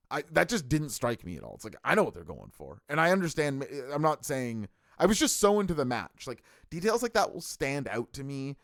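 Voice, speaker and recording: A middle-aged man talks through a live-stream review with eager, rambling enthusiasm, full of fillers and restarts. His voice sits at an ordinary middle pitch. The sound is dry, with no room echo. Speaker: wrestling stream host.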